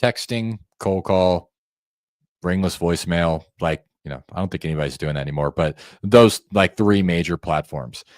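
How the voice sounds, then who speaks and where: Low-voiced man coaching sales calls. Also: moderate pace, dry recording, studio quality. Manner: coaching, demonstrates phone tones by acting out calls; conversational, addresses viewers directly. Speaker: sales trainer. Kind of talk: instructional screen-share walkthrough.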